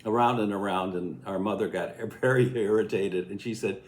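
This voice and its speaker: A man in his eighties, from Illinois, spins a memory from his farm childhood with a folksy, chuckling delivery. His voice sits low. The recording sounds like an echoey room. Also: moderate pace. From Illinois, USA. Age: 80s. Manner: folksy, chuckling, lively storytelling. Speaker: storyteller recalling childhood. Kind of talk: casual spoken memoir.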